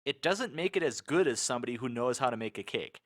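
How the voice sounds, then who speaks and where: A man co-hosting a casual gaming podcast, rambling through animated stories and mock rants. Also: medium pitch, quick pace. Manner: rambling, animated anecdotes with quoted asides. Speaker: podcast co-host. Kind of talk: casual chat.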